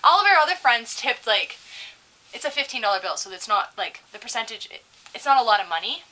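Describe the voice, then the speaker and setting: A young woman with a bright, forceful voice tells salty stories in casual chat, swearing freely and leaning into the retelling. She pitches a little higher than most women. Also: fairly quick, rough recording. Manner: profane, animated storyteller. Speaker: co-host.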